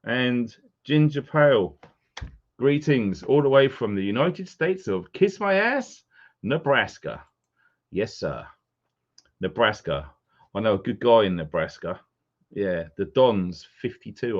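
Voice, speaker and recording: A man's voice: fairly low pitch, big pitch swings, measured pace. A man hosting a live stream, casually greeting viewers by name as they join. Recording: dull lo-fi sound.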